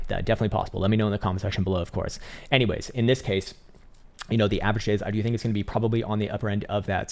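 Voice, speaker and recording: Low gravelly man talking charts. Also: darkish tone. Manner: loose, rambling, fillers and casual swearing. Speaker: crypto market analyst host. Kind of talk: casual chart analysis commentary.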